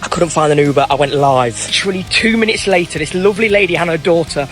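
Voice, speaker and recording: A man, excitedly telling a travel story to camera and often adding "right?". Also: a little high, fast, soft background music. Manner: animated, repeats "right?" as a tag. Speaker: travel vlogger.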